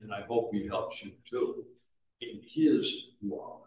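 A male pastor preaching a sermon, moving between quiet asides and raised, urging exhortation. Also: fairly low pitch, slow. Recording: echoey room, mic at a distance.

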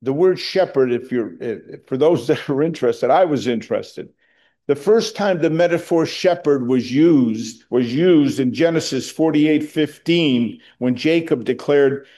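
Slow, mellow-voiced pastor preaching. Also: male voice, on the high side. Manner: slow, earnest preaching with emphatic rises on quoted verses. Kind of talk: sermon.

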